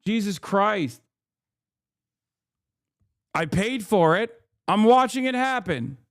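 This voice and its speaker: Man in his thirties, streamer, sarcastic profane commentary, slightly high voice, dry close sound. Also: sing-song, slow pace, dry recording. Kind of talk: live political commentary.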